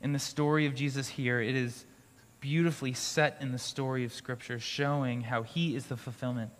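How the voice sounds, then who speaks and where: Male pastor, mid-pitched, relaxed conversational sermon, recorded with long hall reverb. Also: moderate pace. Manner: conversational preaching with restarts and light laughs. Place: school auditorium used for church gathering.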